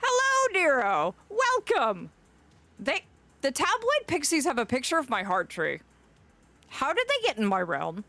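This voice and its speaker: A young woman streams live as a dramatic, loving fae, calling her viewers "my dear." Her voice sits high with wildly swooping pitch, normal speed, and a fairly bright tone, recorded with no room sound.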